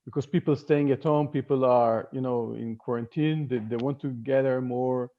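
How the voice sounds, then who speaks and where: Halting man on a dull video call. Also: mid-range voice, steady tone. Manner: halting, many fillers and restarts. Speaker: webinar panelist. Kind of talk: casual panel talk.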